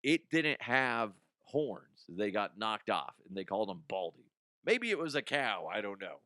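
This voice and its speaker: A man's voice: fairly low pitch, sing-song, a little slow, bright, forceful tone, no echo, clean studio sound. A young adult man hosting a comedy news podcast, ranting casually with swearing, laughter and mocking put-on voices.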